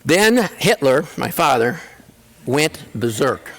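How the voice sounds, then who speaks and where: A man with a fairly high, lively voice tells funny stories from his own life as a keynote speaker. He swings his pitch widely and slips into voices for his family members. His voice rings with the long reverb of a large hall. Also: normal speed. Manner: animated, acts out family members in quoted voices. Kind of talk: humorous personal storytelling.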